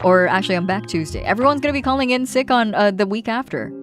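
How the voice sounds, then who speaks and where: Woman streamer, playful and chatty, lively swooping pitch, music playing behind her. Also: fast talker. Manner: chatty and playful, reads aloud then jokes. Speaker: streamer and artist. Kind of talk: casual livestream chat while drawing. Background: background music.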